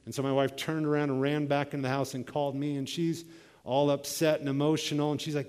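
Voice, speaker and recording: A man's voice: medium pitch, brisk, darkish tone, big-room sound. A man preaching a sermon as pastor, reading scripture and telling a personal story with quoted voices.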